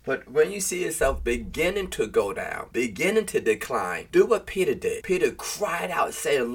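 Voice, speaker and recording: Male preacher for a sermon read, slightly husky, earnest and exhorting, moves between reading scripture and direct appeal. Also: a little high, very animated, normal speed, hardly any pauses, a bit bright.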